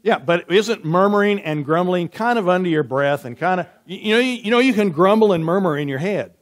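Conversational pastor preaching to a congregation. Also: male voice, high-pitched, lively intonation. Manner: conversational, asks the room questions and answers back; reads scripture slowly and softly. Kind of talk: sermon with Bible reading and questions to the congregation.

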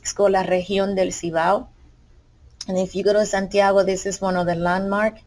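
A woman from the Dominican Republic, a bilingual teacher, talking through a school presentation in an unpolished way, with pauses and self-corrections. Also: medium pitch, level tone, darkish tone, poor audio. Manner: hesitant, with fillers and self-corrections.

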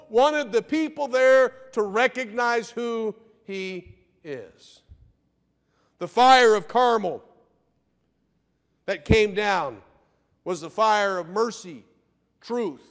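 Male pastor, high voice, sermon delivery in a long-reverb church, loud-to-hushed swings, rhetorical questions. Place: church sanctuary.

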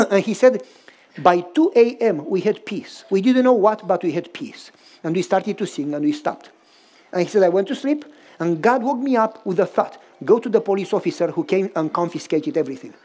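Male pastor, storytelling sermon, acts out dialogue, very lively pitch swings. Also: moderate pace. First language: Romanian.

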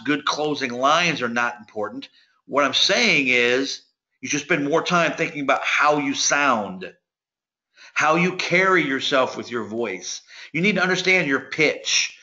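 A man giving a sales coaching lecture, talking very fast so his words sometimes run together. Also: on the high side, bright, forceful tone. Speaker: sales trainer. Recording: dull lo-fi recording.

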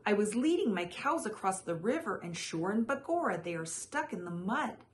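A woman's voice: mid-range voice, big pitch swings, normal speed, close to an everyday voice. A woman reading a storybook aloud, voicing a small, courteous male stranger who pleads for help. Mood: pleading.

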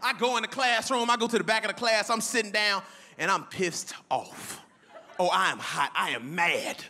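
A male comedian doing stand-up on a club stage, telling an exasperated story with sudden loud outbursts into a handheld mic. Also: sits high, normal speed, in a large hall, a little hiss or hum.

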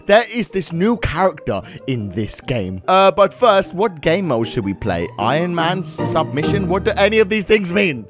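A young man giving excitable, laughing commentary while playing a wrestling video game. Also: on the high side. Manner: loud, laughing, swings between shouts and mumbles. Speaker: gaming YouTuber.

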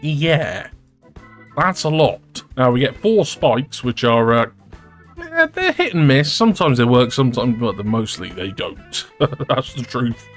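A man giving chatty, excitable commentary over his own gameplay as a regular gaming creator, often laughing. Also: medium pitch, measured pace, faint music behind. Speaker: gaming YouTuber.

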